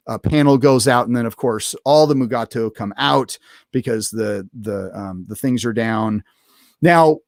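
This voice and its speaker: A man's voice: mid-range voice, no room sound, studio quality. Rambling man recapping an episode. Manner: rambling, many fillers and restarts. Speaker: podcast host reviewing an episode. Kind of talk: casual unscripted episode recap.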